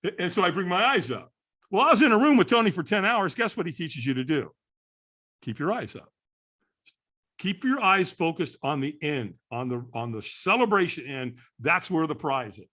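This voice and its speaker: A man in his sixties from California, a podcast guest telling a story in an animated way, acting out the voices of the people in it. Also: a little high, brisk. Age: 60s. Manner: lively storyteller acting out voices, frequent "right?".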